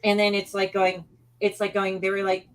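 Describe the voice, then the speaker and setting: A woman's voice: medium pitch, completely flat delivery, normal speed, rough recording. A woman chatting casually on a group call, laughing often and rambling through her stories. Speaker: panel guest.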